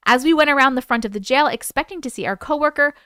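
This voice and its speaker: A woman's voice: sits high, fast, bright, forceful tone, no room sound, clean studio sound. A woman in her thirties hosting a livestream, chatting playfully with viewers and reading their stories aloud. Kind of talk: casual live chat and story reading.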